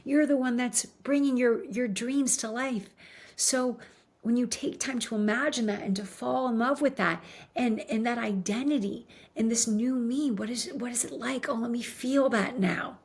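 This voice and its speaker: A woman's voice: on the high side, normal speed, a little mellow, slightly rough. A woman giving an earnest motivational talk, coaching her listeners and often checking in with "right?". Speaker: motivational speaker.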